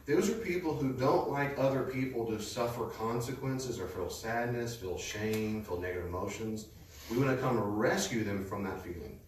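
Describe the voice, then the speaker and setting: A man teaching a class in a conversational way, telling stories with a lively manner to a live audience. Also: medium pitch, moderate pace. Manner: lively storytelling, lecturing. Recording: echoey room, distant mic, faint noise.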